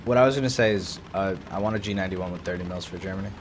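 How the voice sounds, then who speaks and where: A man's voice: deep voice, racing, slight background noise. A man co-hosting a gaming podcast, bantering playfully in casual chat while he plays. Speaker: podcast co-host.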